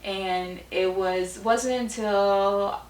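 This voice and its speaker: A vlog co-host tells a story while casually chatting with her partner, laughing often and using lots of fillers. Her mid-range voice is steady and extremely slow. The recording has roomy echo and a little hiss or hum.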